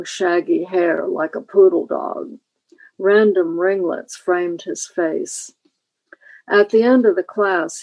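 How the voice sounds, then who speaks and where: A woman novelist from Kentucky, a guest reading slowly and deliberately from her own book. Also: fairly low pitch, darkish tone, no echo, low-quality recording.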